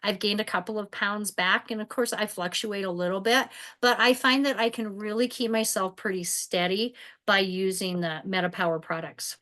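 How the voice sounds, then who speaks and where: Middle-aged woman presenting on a video call, chatty, lots of ums and restarts, average pitch. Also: steady tone, moderate pace, sharp tone. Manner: conversational with frequent fillers and restarts. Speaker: wellness presenter. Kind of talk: casual presentation.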